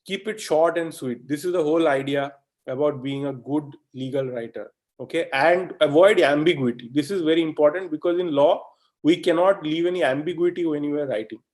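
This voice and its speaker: A man from India gives a live online lesson with a slightly raised pitch. He keeps it conversational, peppering his points with "okay?" and direct questions to the audience, and now and then mimics fast talkers for effect. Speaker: webinar instructor.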